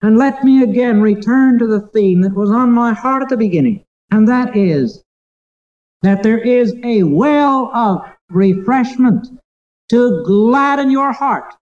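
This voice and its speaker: A preacher delivers a sermon with earnest tenderness, leaning on key phrases slowly and deliberately. The voice sits at a middling pitch, and the recording sounds somewhat dull and muffled. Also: darkish tone.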